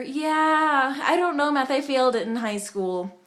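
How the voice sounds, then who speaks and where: A woman's voice: high-pitched, expressive, normal speed. A young woman from the United States telling rambling stories to her webcam at home, chatty and full of fillers. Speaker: vlogger. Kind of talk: casual vlog storytelling.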